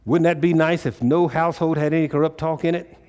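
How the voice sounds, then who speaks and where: A man preaching to a congregation, calling out questions and waiting for answers. His voice sits fairly high and climbs into loud, urgent pleading. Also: steady tone, a little fast. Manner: call-and-response preaching, rising to loud exhortation. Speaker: pastor. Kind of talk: sermon.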